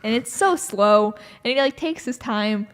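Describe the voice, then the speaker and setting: A young woman with a fairly high voice tells a film's plot in casual podcast chat. She slips into the characters' lines with lively jumps in pitch. A long reverb trails behind her voice. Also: a little slow. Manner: animated storyteller, acts out quoted lines with shifts of pitch. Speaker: podcast co-host. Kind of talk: casual chat retelling a film.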